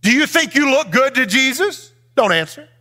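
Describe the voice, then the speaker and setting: A man's voice: very high-pitched, sing-song, normal speed, pushed and bright. A male pastor preaching a sermon in a church, speaking straight to his congregation and swinging his lines up into a sing-song emphasis.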